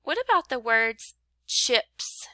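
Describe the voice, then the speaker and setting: A woman's voice: on the high side, expressive, bright, forceful tone, dry recording. A woman teaching a phonics lesson, patiently sounding out rhymes and syllables for young learners. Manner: slow, patient, clapping out syllables.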